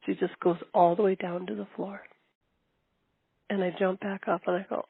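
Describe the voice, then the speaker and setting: Older woman, husky voice, phone-like tinny sound, documentary storytelling. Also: mid-range voice, moderate pace, long pauses, dry recording. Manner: animated storytelling with repeated phrases. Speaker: long-distance horseback rider.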